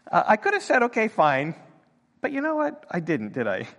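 An older man delivers a sermon in an animated, storytelling way, slipping into other people's voices as he quotes them. His voice sits a little high for a man, and it carries a long reverb, as if heard in a large hall. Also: a little slow. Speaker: pastor.

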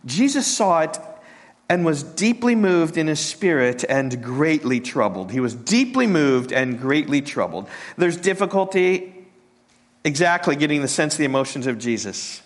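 A male pastor preaches in a voice pitched a little above the usual for a man, halting over his words and often repeating them. He sinks into a soft, near-whispered hush when a point turns tender. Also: sing-song. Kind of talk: sermon.

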